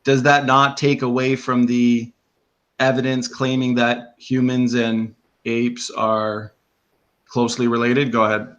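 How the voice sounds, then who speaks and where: A man's voice: medium pitch, flat delivery, a little slow, fairly bright tone, lo-fi sound. A man moderating a debate, reading out audience questions in a casual, hesitant way.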